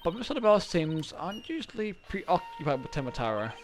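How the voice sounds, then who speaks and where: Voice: medium pitch, very animated, brisk, music in the background, close to an everyday voice. A streamer voicing an earnest young female lawyer, explaining things plainly while reading game dialogue aloud.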